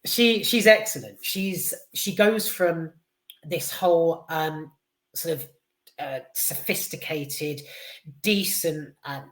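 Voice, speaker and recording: A woman giving a casual, enthusiastic film review, rambling and hesitant with lots of fillers, restarts and casual swearing. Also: deep voice. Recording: roomy echo.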